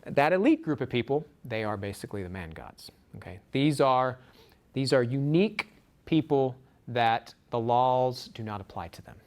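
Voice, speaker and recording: A man giving a lecture to a small group, animated, acting out quotes from the book. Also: mid-range voice, normal speed. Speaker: speaker. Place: room with a small audience. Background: audience laughter.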